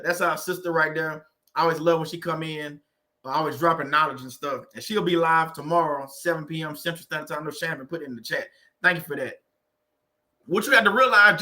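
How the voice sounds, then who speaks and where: In a fairly high, bright and forceful voice, the host of a faith-based livestream on narcissistic abuse delivers a motivational talk. He sounds preachy yet conversational and keeps repeating phrases to drive points home.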